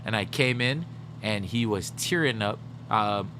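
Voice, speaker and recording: A man's voice: on the low side, unhurried, slight background noise. A man streaming a video game, telling stories animatedly and swearing, talking straight to his chat and answering their messages. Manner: animated storyteller, swears, addresses chat directly. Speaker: gaming livestreamer. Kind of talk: casual livestream chat.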